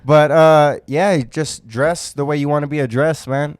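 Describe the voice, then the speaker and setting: Male podcast co-host, joking and cocky, smooth clear voice, dry close sound. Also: a little high, moderate pace, no room sound. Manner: joking, boastful banter. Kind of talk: casual chat.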